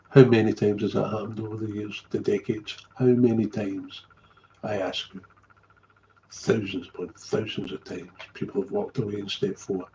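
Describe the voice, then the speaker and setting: A man's voice: on the low side, mellow, dull audio, slight background noise. A middle-aged man, telling a candid story as a recovery sponsor, blunt and swearing freely, often trailing off and repeating himself.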